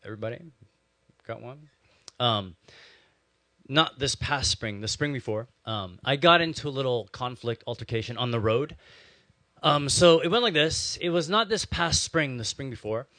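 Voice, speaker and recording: A young male pastor delivers a sermon in a loose, chatty way, full of "um"s and "like"s as he tells a story. His voice sits at a medium pitch. The sound is close and dry, with no room echo. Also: moderate pace. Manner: conversational, animated storytelling with frequent "um" and "like".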